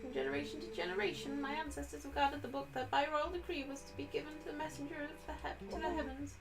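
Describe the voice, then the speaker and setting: Lady reading an old village lorekeeper from a game, high and solemn, far off mic, loud music. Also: lively intonation, fast, vocal fry. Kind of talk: reading game dialogue aloud.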